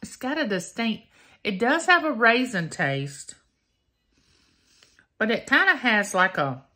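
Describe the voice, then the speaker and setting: A woman's voice: fairly high pitch, very animated, slow, bright, forceful tone. A woman, chatting folksily to her viewers in a casual taste-test vlog. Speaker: vlogger.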